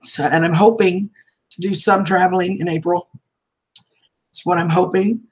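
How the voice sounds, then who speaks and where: A woman in her fifties talks straight to her livestream audience in a relaxed, chatty way. Her voice is husky and a little breathy. She greets viewers by name, calls them honey and sweetheart, and laughs often. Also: on the low side, moderate pace, rough recording. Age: 50s. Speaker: livestream vlogger. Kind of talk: casual livestream chat reading viewer comments.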